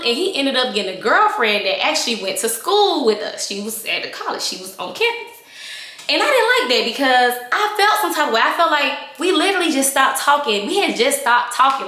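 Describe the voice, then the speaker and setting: Young woman vlogger, bright and higher-pitched, candid storytime in an echoey room. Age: young adult. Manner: animated, reenacting scenes with voices and gestures; chatty and candid, addressing viewers directly. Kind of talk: casual storytime vlog.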